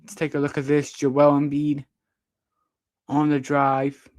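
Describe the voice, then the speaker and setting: An excitable young man calls basketball play-by-play from a close microphone, his voice sitting a little high. It sounds dry and close. He jumps up in pitch whenever a big play lands. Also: slow pace, dry recording. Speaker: play-by-play commentator. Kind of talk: amateur livestream sports commentary.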